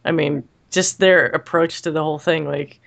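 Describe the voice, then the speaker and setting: A man's voice: fairly high pitch, steady tone, moderate pace, gravelly, fairly bright tone. A man co-hosting a podcast in casual chat, rambling and laughing often as he talks. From United States. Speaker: podcast co-host.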